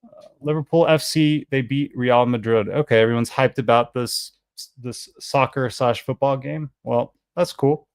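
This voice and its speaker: A man's voice: mid-range voice, unhurried, clear, resonant tone, no echo. An American man hosting a fragrance live stream, chatting in a rambling, self-deprecating way. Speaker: fragrance channel host. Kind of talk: casual live-stream chat.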